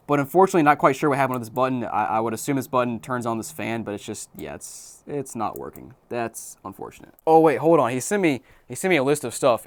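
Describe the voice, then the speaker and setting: A man giving casual, excitable commentary as he unboxes and tests game consoles. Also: mid-range voice. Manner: excitable, quick reactions and exclamations. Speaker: tech YouTuber reviewing consoles.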